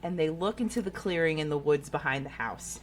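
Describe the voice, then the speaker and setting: A woman, co-hosting a podcast and retelling a story in a casual, profane, animated way. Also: deep voice, fairly quick, a little hiss or hum. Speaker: podcast co-host.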